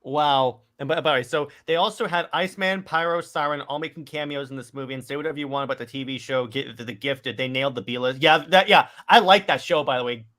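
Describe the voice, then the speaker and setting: On a casual movie review podcast, a young male co-host talks quickly with few pauses in a mid-range, fairly bright voice. He's enthusiastic and rambling, with many restarts in his sentences.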